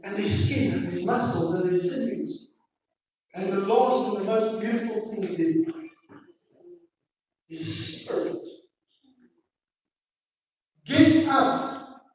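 Male pastor, high voice, emphatic sermon delivery, distant dull recording. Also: a little slow, pauses often, a little hiss or hum. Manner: preaching with rising, emphatic exhortation and quiet dramatic drops. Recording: distant, echoey hall, dull sound.

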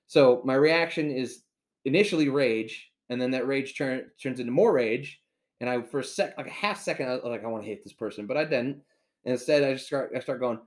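A man's voice: mid-range voice, a little fast. A man hosting a podcast, telling a story in a heated, profane rant. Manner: heated, swears constantly, storytelling. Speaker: podcast host. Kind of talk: profane ranting monologue.

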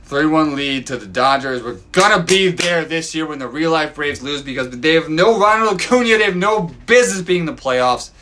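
A man hosting a podcast from his backyard, ranting profanely as a sports fan and swinging from loud outbursts to low mutters. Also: lively intonation, normal speed, few pauses, slight background noise. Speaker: podcast host. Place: home backyard.

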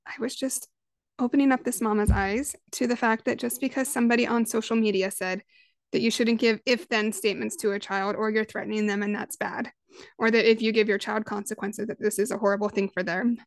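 A woman in her thirties hosts her own parenting podcast, chatting in a lively, easy way and slipping into little voices for the people she quotes. Her voice sits fairly high. The recording is close and dry, with no room sound. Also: fairly quick, gravelly, no room sound. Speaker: parenting coach and podcast host. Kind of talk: solo podcast monologue.

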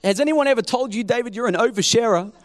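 A man's voice: extremely high pitch, fast talker, in a large hall. A man voicing King Saul, an older king reacting with incredulous, mocking disbelief.

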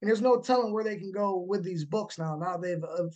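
A man hosting a casual horror podcast chat, animated and quick to act out scenes he describes. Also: sits high, muffled recording. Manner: animated, acts out movie moments with laughs. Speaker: podcast host.

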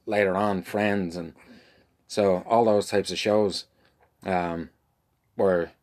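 A man's voice: sits low, steady tone, slow pace, a little mellow. A middle-aged man with an Irish accent, chatting casually and making dry, wry jokes. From Ireland. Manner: dry joking, wry asides. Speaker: podcast co-host, husband. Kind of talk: casual chat.

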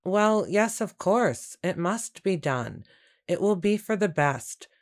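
Audiobook: woman voicing a smooth, dismissive landowner, low-pitched and unhurried. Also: lively intonation. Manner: smooth, self-assured, dismissive. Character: scheming jovial male landowner, middle-aged. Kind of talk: audiobook character reading.

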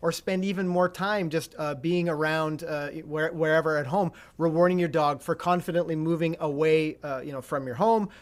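A man's voice: fairly high pitch, steady tone, moderate pace, few pauses. A man co-hosting a live dog-training stream, answering viewer questions in a loose conversational way. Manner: conversational, many fillers and restarts.

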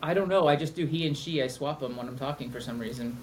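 A man's voice: medium pitch, fast talker, a little mellow, a little hiss or hum. A middle-aged man co-hosting a podcast in casual, joking, rambling chat. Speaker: podcast co-host.

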